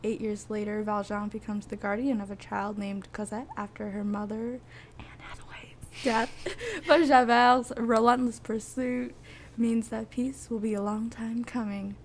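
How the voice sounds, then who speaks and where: A woman's voice: a little high, fairly even intonation, unhurried, slight background noise. A young woman co-hosting a podcast, chatting casually with giggly, self-mocking asides. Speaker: podcast co-host. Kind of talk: casual chat.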